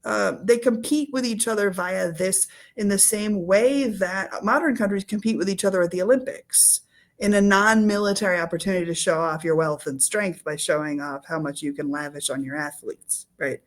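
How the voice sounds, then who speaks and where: A woman's voice: mid-range voice, moderate pace. A woman historian in a casual interview, explaining history in a playful storytelling way with acted quotes. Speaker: historian guest.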